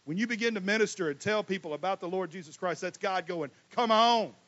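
High-voiced preacher. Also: male voice, fast talker, highs cut off. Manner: animated preaching, swings from loud emphatic to quiet asides; folksy, casual Southern US speech. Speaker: pastor. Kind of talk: sermon.

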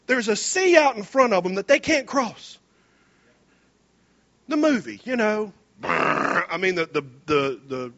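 A man preaching a sermon, animated and folksy, retelling scripture in casual slang. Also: sits high, creaky, dull audio.

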